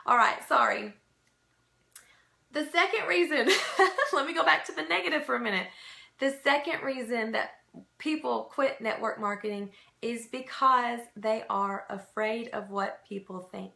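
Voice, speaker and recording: A woman's voice: a little high, measured pace, gravelly, sharp tone, reverberant. A woman giving an emphatic, repetitive motivational training talk to her sales team.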